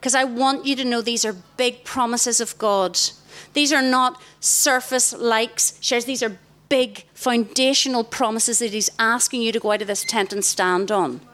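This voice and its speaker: A middle-aged woman, giving a lively, direct sermon to a tent of girls. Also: a little high, unhurried. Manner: lively, direct, warmly emphatic. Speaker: youth speaker. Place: large tent.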